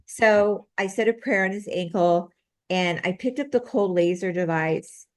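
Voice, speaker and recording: Woman interview guest, lower register, earnest storyteller, run-on and self-correcting delivery. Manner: rambling, with frequent restarts and run-on sentences. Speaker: guest, medical intuitive and healer.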